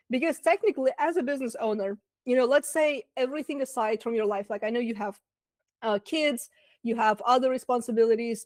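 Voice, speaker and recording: A chatty woman with a Russian accent coaching a live online class, her voice sitting a little high. She talks loosely, with fillers and side remarks. The sound is dry and close, with no room around it. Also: darkish tone, no room sound. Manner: chatty, lots of fillers and asides. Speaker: business coach. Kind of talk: webinar masterclass talk.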